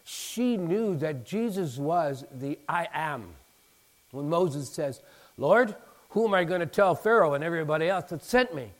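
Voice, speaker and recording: Male preacher, animated delivery with emphatic peaks, slightly high voice. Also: unhurried. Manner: animated, rising to emphatic peaks, acting out dialogue. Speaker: pastor. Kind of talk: sermon.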